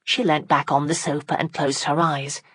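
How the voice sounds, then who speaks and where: Woman narrator, lower register, steady and measured, dry close recording. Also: breathy edge, no room sound. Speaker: audiobook narrator. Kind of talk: scripted narration.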